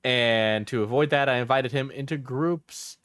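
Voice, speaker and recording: A man's voice: medium pitch, measured pace, fairly bright tone, dry recording. Casual man streamer, dry close mic. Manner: reads aloud with offhand asides and laughs. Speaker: streamer reading and reacting. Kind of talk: casual live-stream commentary.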